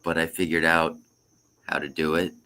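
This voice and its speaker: A man's voice: very deep voice, level tone, moderate pace, bright, forceful tone. A man hosting a casual live stream chat, rambling through stories and telling a joke. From Florida. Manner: rambling storyteller, tells a joke with duck voices.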